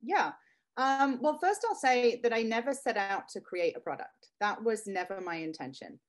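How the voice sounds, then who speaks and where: A woman's voice: on the high side, expressive, moderate pace. A woman in her thirties, a guest speaking heartfelt and close to tears about her children. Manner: heartfelt, near tears at times. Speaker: guest, product creator. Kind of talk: emotional interview.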